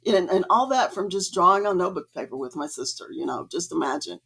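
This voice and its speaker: A woman's voice: fairly low pitch, expressive, fast, gravelly, a bit bright, breathy edge. A woman artist, a podcast guest, telling her story in a casual, chatty way with many fillers. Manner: chatty, many fillers, acts out quoted dialogue.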